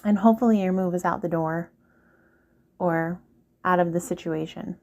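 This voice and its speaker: A woman's voice: fairly low pitch, steady tone, normal speed, a little mellow. A woman speaking earnestly and directly to the listener in a casual advice monologue, repeating her points. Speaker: vlogger giving relationship advice.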